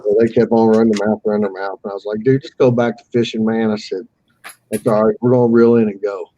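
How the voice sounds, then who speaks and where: A man's voice: lowish voice, flat delivery, fast talker, warm tone, highs cut off. A man telling a fishing story on a live call, casually and with animation, swearing freely and acting out the voices of the people he quotes.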